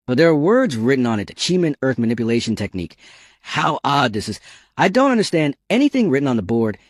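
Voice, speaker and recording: Man, recap narrator, animated pitch, dry close sound. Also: no room sound. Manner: plain storytelling, reading every part himself.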